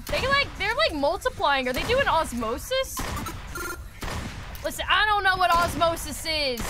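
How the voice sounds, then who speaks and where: A woman streaming a game live, talking to chat in an excitable, swear-filled way and shrieking when scared, with game music behind her. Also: very high-pitched, unhurried, noisy background. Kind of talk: live gaming stream commentary.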